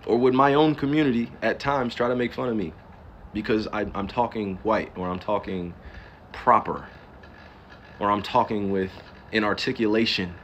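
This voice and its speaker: A man's voice: on the low side, moderate pace, fairly bright tone, muffled recording, slight background noise. A man from New Jersey ranting on a livestream, firing off rhetorical questions and cursing for emphasis. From Newark, New Jersey. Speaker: livestreamer and pro athlete. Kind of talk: casual livestream rant.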